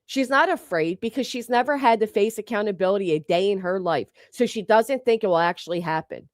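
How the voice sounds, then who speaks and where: A woman's voice: mid-range voice, dry recording, studio quality. A woman delivering a heated, sarcastic commentary rant, swearing and firing off rhetorical questions. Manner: indignant, sarcastic, profane, fires rhetorical questions. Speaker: online commentator.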